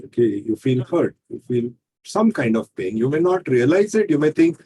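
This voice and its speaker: A man, a healing coach speaking in a measured, teacherly way with rhetorical questions. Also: mid-range voice, big pitch swings, mellow, slight background noise, low-quality recording. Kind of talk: calm explanatory interview talk.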